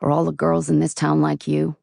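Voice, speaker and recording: A woman voicing a gruff, sulky American spiv. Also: a little high, monotone, brisk, darkish tone, dry recording, studio quality. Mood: taken aback. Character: sulky shady American man smuggler.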